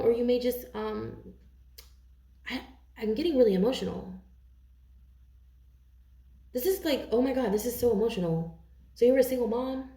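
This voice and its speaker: A woman's voice: mid-range voice, creaky, mellow, echoey room. A woman doing a casual tarot reading to camera, chatty and intuitive, often checking in with "okay?". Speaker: tarot reader.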